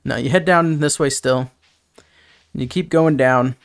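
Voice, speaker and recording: A man's voice: mid-range voice, a little slow, gravelly. A young man giving rambling, chatty let's-play commentary as a gaming host. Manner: rambling, chatty, self-correcting.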